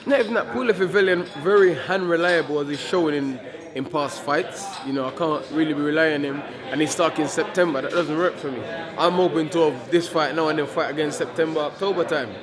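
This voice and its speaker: A man's voice: a little high, brisk, a crowd in the background. A man, a heavyweight boxer in a casual press interview, talking defiantly and repeating himself, stumbling over words.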